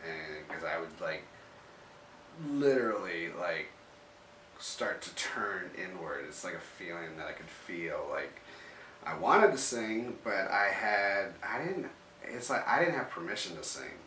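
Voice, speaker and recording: A man with a lowish, bright voice tells a personal story in a loose, rambling way. He keeps stopping to restart his sentences and fills the gaps with "like." He sits a little away from the mic in a roomy, echoing space with a faint hiss underneath. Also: expressive, a little slow. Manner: rambling, full of "like" fillers and restarts. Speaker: interviewee telling his story. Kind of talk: casual storytelling. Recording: roomy echo, mic at a distance.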